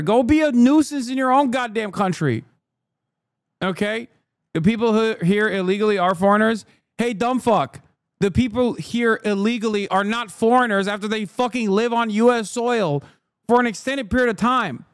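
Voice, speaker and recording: A man in his thirties rants at his chat with crude, combative force, his voice sitting high for a man. The close streaming mic leaves the sound completely dry, with no room around him. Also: moderate pace, no echo. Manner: combative, profane, talks straight to chat. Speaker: streamer reacting to news. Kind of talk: profane live-stream rant.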